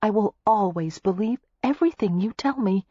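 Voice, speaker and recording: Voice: medium pitch, expressive, moderate pace, warm tone, breathy edge, dry recording, lo-fi sound, pitched above the performer's own voice. A narrator voicing a spirited young American heiress in love in an audiobook, speaking earnestly and insistently. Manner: earnest, pleading. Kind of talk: audiobook character reading.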